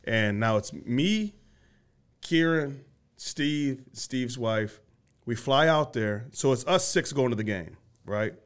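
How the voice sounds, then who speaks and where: A man's voice: medium pitch, expressive, slow, clear, resonant tone. A man from Michigan hosting a podcast, telling a long story in casual chat, laughing often and swearing freely. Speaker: podcast host.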